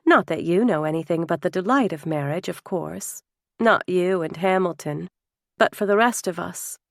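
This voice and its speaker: A woman's voice: fairly low pitch, moderate pace, vocal fry, dry recording, clean studio sound. A woman reading an audiobook, voicing an effusive, playful, fashionable older sister who teases and gushes. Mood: wistful. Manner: gushing, teasing.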